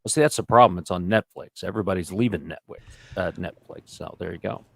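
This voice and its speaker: Gravelly, low-voiced man reading news. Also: fast, a bit bright, dry recording. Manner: reads articles aloud with offhand asides. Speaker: podcast co-host. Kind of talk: casual chat.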